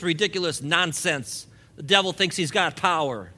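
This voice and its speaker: A man's voice: fairly high pitch, moderate pace, bright, forceful tone. A man preaching a sermon, emphatic and repetitive, stressing points by piling up phrases. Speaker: pastor.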